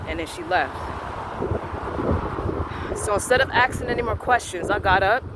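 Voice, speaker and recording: A man telling a personal faith story with deep feeling. He acts out the quoted dialogue and moves between quiet, hushed moments and loud outbursts. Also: lively intonation, moderate pace, very noisy. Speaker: vlogger sharing a personal faith testimony.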